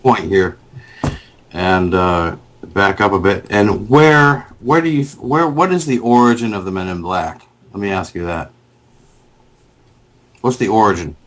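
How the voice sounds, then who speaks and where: A man with a fairly low voice hosts a casual call-in chat. He breaks in on his guest and asks his questions slowly, padding them with fillers. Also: steady tone, a bit bright. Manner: interrupting, filler-heavy questions. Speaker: host.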